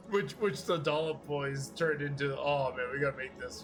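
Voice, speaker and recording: Fairly high and bright, his voice stays steady at normal speed with hardly any pauses. He's a podcast host in casual conversation who rambles, swears, laughs a lot, and imitates people's words.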